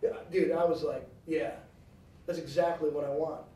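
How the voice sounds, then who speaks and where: A man's voice: fairly high pitch, steady tone, moderate pace, mellow, reverberant, far from the mic, poor audio. A man giving a blunt, joking and combative speech to students at a university. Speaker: guest speaker. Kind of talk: animated campus speech. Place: university lecture hall.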